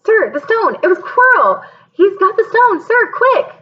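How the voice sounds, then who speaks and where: Lady doing a high eager schoolboy, urgent and anxious, a bit muffled. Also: animated, moderate pace, natural voice. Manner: urgent, breathless pleading.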